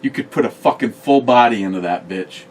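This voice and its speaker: A man's voice: medium pitch, a little fast, distant mic, a little hiss or hum. A man co-hosting a casual home beer-review show, telling stories with crude jokes. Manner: crude joking, animated storytelling. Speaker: co-host of a beer review channel. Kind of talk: casual banter.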